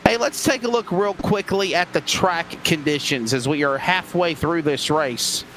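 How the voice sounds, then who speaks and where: A man calling a sim race as lead commentator, with excitable play-by-play and quick reactions. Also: a little high, slight background noise.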